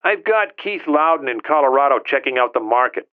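A man doing a brisk ops chief over a tinny phone. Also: medium pitch, animated, pitched above the performer's own voice. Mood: businesslike. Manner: brisk, matter-of-fact. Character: calm male operations chief on a phone. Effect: phone filter. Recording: narrow tinny phone line.

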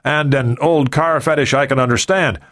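A man voicing a steady, decisive male team leader in an audiobook. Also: mid-range voice, normal speed, voice pushed up, lightly acted.

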